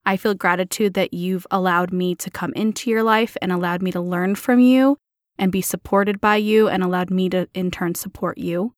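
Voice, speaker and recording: A woman's voice: lowish voice, fairly even intonation, moderate pace, no room sound, studio quality. A woman co-hosting a podcast in casual chat, giggly and sincere, with an affectionate way of talking. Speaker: podcast co-host.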